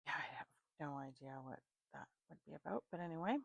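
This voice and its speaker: A sleepy woman talks through a casual psychic reading, tossing out names and places as they come to her. Her voice sits low with a gravelly edge, and the room sounds dry and close. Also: fast talker, no room sound. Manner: free-associating, laughing at her own slips. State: tired, sleepy. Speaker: psychic reader.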